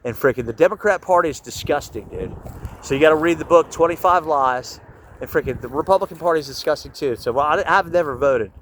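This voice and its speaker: Rambling man, slightly high voice. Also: fast talker, a little hiss or hum, poor audio. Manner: rambling, jumps between topics, constant filler swearing; restless, restarts sentences often. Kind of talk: rambling monologue.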